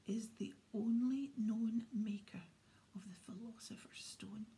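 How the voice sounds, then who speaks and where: Bossy know-it-all schoolgirl, whispered by a woman, mellow and a little high, whispered role-play. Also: unhurried, a little hiss or hum, close to an everyday voice. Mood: eager. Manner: eager, lecturing.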